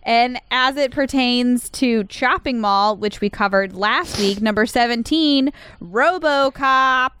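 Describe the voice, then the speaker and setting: A woman co-hosting a casual film podcast, animated and quick to laugh, with fast asides. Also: on the high side, a little hiss or hum. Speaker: podcast co-host. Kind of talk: casual chat about films.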